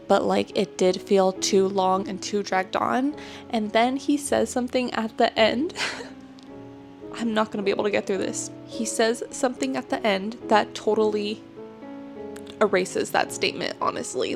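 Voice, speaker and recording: A young woman giving a casual, rambling book review in a vlog, still tearful after crying, with lots of "like" fillers. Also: mid-range voice. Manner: rambling and heartfelt, heavy on "like" fillers. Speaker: book vlogger.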